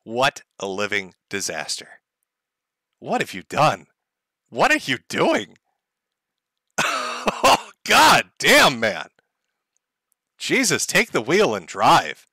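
Sarcastic, animated male streamer. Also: medium pitch, takes it slowly, long pauses, no echo, studio quality. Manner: sarcastic, mocking, profane. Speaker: streamer host. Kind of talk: livestream commentary.

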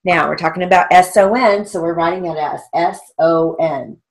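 A woman teaching a stenography lesson, dictating short phrases slowly and spelling out letters, checking in with an occasional "okay?". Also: on the low side. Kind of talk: slow, deliberate dictation lesson.

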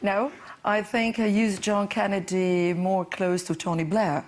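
A woman, a panel guest answering questions in a hesitant, halting way. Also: medium pitch, level tone. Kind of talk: panel show conversation.

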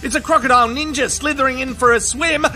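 A high, bright-voiced Australian man doing comic voice-over commentary, crude and excitable, tossing out slang and swearing as he goes. Music plays faintly behind him. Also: quick pace. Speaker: comedic video commentator. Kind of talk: comedic voice-over commentary on viral clips.

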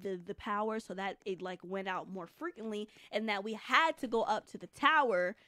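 A woman's voice: mid-range voice, moderate pace, pushed and bright, no echo. A young woman streaming a game live, rambling and joking casually with her chat, with lots of filler words. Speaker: gaming streamer.

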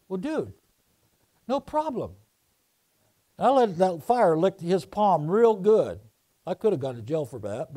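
High-voiced man preaching a fiery sermon. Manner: preaching with swings from soft to shouting. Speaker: pastor.

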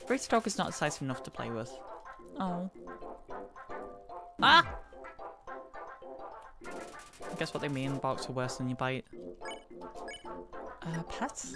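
A woman giving casual gameplay commentary in a let's play, reading game text aloud and gushing playfully, music playing behind her. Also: fairly low pitch. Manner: gushing and playful, squeals over dogs.

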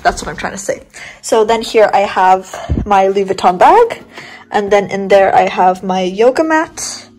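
A woman's voice: medium pitch, a little slow, darkish tone, rough recording. Chatty young woman giving a room tour. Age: 20s. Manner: chatty, rambling, giggly. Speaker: vlogger. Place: bedroom, indoors.

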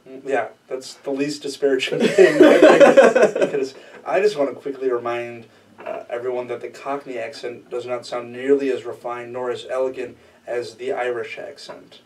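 A man's voice: medium pitch, moderate pace, darkish tone, far from the mic, poor audio. Man with dry teasing quips. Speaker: podcast co-host. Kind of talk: casual chat.

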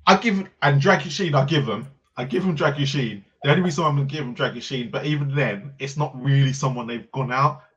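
A man's voice: mid-range voice, a bit bright. Laughing man on a dull lo-fi mic. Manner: chatty, laughs often, agreeable. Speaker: football podcast co-host. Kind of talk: casual football debate.

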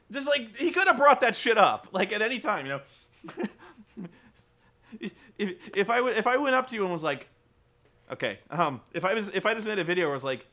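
A man's voice: high voice, big pitch swings, fairly quick, bright, forceful tone. A young man rambling through a casual, profane film review, laughing often and acting out characters in quoted voices. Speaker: vlogger.

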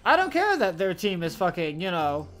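A man giving live gameplay commentary on his match, ranting with a steady stream of profanity and exasperation. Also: high voice, moderate pace, faint music behind.

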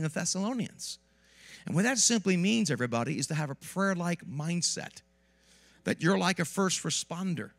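A man preaching a lively sermon in a church with asides to the congregation, while he has a cold. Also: fairly high pitch. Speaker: pastor. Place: church sanctuary.

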